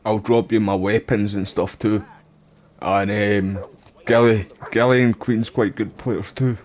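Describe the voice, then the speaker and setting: Scottish male streamer, casual and foul-mouthed, fairly low voice, talks gameplay with chat. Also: fairly even intonation, a little slow, darkish tone, a little hiss or hum. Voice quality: laid-back, swears casually, calls viewers mate and bro. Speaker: gaming live streamer.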